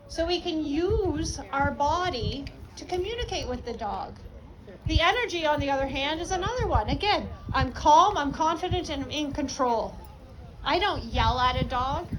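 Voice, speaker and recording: A woman dog trainer giving a talk at a live event, calm and confident, with quick acted-out asides to dogs. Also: high voice. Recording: loud background noise.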